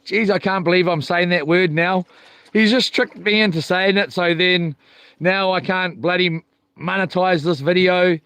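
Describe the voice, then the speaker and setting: A man's voice: sits high, fairly even intonation, a little slow, fairly bright tone, clean tone, dry recording. A man hosting a casual live stream outdoors by the sea at night, rambling and hesitant with many ums. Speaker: channel host live-streaming.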